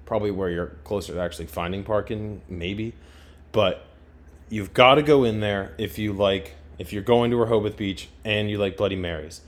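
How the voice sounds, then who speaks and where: A young man, chatting casually as a podcast host, rambling and excitable with many fillers. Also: fairly low pitch. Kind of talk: casual chat.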